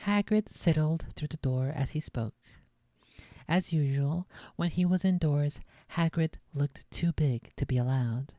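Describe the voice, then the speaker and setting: Low-voiced woman reading aloud on stream. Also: unhurried, dark tone, dry recording. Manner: stumbles on lines, laughs and swears in asides. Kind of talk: casual read-aloud on stream.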